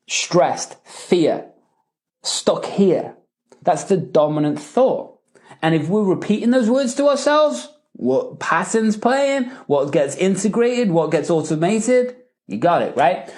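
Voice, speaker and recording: Brief: male coach, lively swooping pitch, emphatic, keeps asking "right?" while he teaches. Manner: animated, emphatic, checks in with "right?" and "okay?". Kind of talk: live Q&A teaching.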